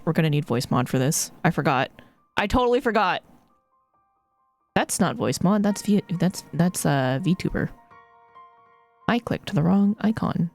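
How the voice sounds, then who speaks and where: A chatty woman streamer talking into a streaming mic, casual and self-mocking, with the odd swear. Her voice sits low for a woman but swings widely in pitch. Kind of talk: casual live-stream chat.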